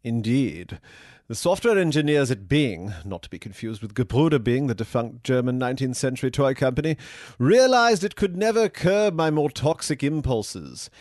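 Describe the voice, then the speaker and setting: A man's voice: mid-range voice, animated, normal speed, darkish tone, no room sound, studio quality, natural voice. A man playing a snooty, sarcastic AI chatbot. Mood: sneering. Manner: pompous, condescending, theatrical. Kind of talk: comedy sketch acting.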